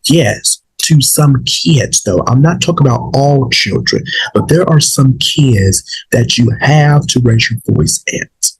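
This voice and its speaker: A man's voice: mid-range voice, lively intonation, slow pace, gravelly, hardly any pauses, slightly rough, rough recording. A man, a little sick and saving his voice, talking casually to his viewers in a rambling way, with many fillers and restarts. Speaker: vlog host. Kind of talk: casual opinion talk to viewers.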